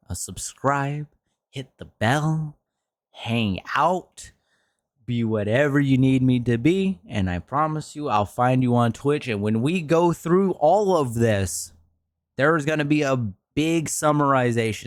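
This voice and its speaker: A man's voice: mid-range voice, no room sound, studio quality. A man who streams, ranting in a commentary video, frustrated and swearing often, his voice jumping up sharply when worked up.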